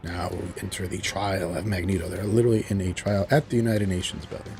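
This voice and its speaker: A man's voice: deep voice, little pitch movement, fairly quick, vocal fry, darkish tone, faint music behind. A man giving a casual, chuckling recap of a TV episode as he loosely paraphrases its dialogue. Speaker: TV show reviewer.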